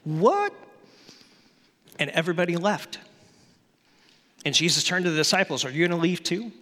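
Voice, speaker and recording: A middle-aged man preaching a sermon, telling a story from his youth with lively acted-out voices. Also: fairly high pitch, a little fast, in a large hall. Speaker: pastor.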